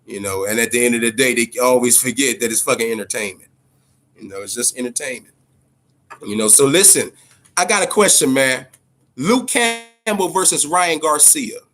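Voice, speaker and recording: A man's voice: medium pitch, lively intonation, moderate pace, fairly bright tone. A man hosting a casual boxing livestream, talking loosely and profanely, repeating himself and answering his chat viewers. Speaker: boxing show host.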